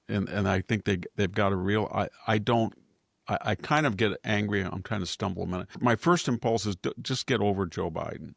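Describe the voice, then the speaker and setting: A low, gravelly man's voice, recorded close and dry. He editorializes in a loose, digressive way and often breaks into chuckles. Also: no echo. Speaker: host and commentator. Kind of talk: opinionated political commentary.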